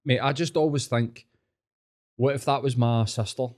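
A young man from Glasgow, speaking with a Scottish accent, shares stories in casual conversation, full of heavy swearing and animated delivery. His voice is medium-pitched and his speed normal.

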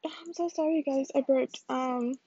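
A woman's voice: sits high, fairly even intonation, a little slow, mellow, no echo. A woman from the hosting a podcast in casual solo chat, joking and rambling with apologetic asides. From Caribbean. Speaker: podcast host. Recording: dull lo-fi home recording, dry.

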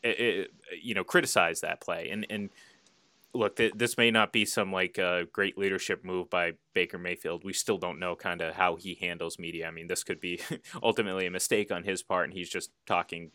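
A man co-hosting a casual sports podcast, with a very deep voice and a bright, forceful edge. He talks in an animated way, often repeating words as he restarts a thought. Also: brisk, no room sound. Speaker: podcast co-host.

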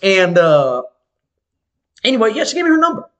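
A man's voice: high voice, normal speed. A man telling a story in a casual chat, slangy and profane, acting out the voices of the people in it. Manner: animated, slangy and profane, acts out quoted voices. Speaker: podcast co-host telling a story.

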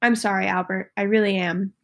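A woman's voice: medium pitch, brisk, gravelly. A woman reading aloud as a bold, chatty schoolgirl who teases her friends. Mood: teasing. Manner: lively, teasing.

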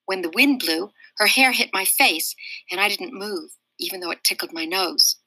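A woman reads a children's novel aloud in a steady, expressive way. Her voice is very bright and at a middle pitch. The recording is dry and close. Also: normal speed, breathy edge, no room sound, rough recording. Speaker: reader.

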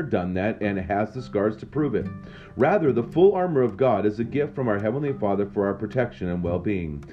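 A man giving a daily devotional and reading scripture aloud, measured and slowing at the end of each reading. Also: on the low side. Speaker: devotional speaker. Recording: dull lo-fi recording with faint guitar. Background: soft guitar music.

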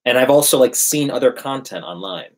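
A man's voice: mid-range voice, lively intonation, a little fast. A man in casual conversation, emphatically preaching his dating advice. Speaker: dating coach. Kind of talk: casual podcast chat.

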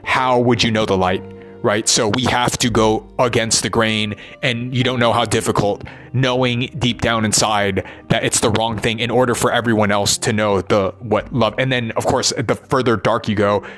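A man's voice: lowish voice, fairly even intonation, normal speed, fairly bright tone, faint music behind. A man talking in a rambling monologue, full of restarts and repeated "right?" checks, about his work as a performer. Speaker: musician and performer.

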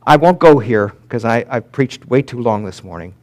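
A man preaching a sermon as pastor, swinging from loud emphatic peaks to quiet drops and slowing down to read scripture aloud. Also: mid-range voice. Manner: animated preaching, rising and dropping sharply for emphasis.

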